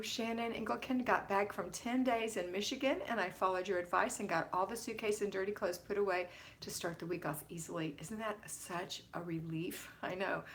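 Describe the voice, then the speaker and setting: A middle-aged woman with a mid-range, slightly bright voice hosts a casual homemaking livestream from her home. She chats warmly with viewers, greeting them by name in an affectionate way.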